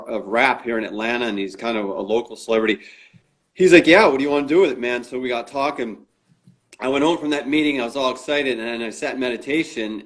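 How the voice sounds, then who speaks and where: Man telling a story, acting out quoted dialogue. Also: medium pitch. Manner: acts out quoted dialogue in his stories; frequent restarts and fillers. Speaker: interview guest, author. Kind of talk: casual storytelling chat.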